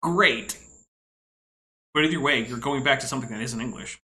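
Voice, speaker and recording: A man's voice: mid-range voice, moderate pace, sharp tone, poor audio. A man commenting casually on clips, explaining things at length in an analytical way with frequent asides. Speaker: podcast co-host.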